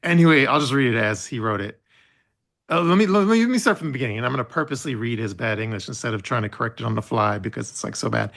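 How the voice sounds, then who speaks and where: A man co-hosting a casual podcast, reading online reviews aloud in a slow, deliberate way. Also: mid-range voice, lively intonation, creaky, fairly bright tone. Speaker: podcast co-host.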